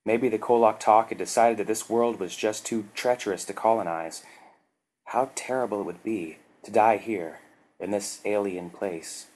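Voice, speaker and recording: Male narrator, measured and dramatic, low voice, story reading. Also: darkish tone. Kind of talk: scripted narration.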